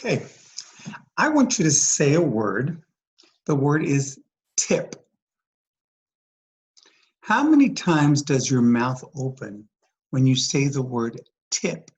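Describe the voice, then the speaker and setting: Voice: medium pitch, very animated, slow pace, pauses often, rough recording. A teacher giving a recorded phonics lesson, speaking patiently, repeating each word and asking the listener questions. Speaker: dyslexia teacher.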